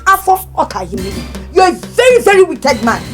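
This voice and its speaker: Brief: an actress voicing a wronged Nigerian widow, accusing and pleading, lively and high, over a film score. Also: female voice, moderate pace, soft background music. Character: grieving, indignant middle-aged village widow.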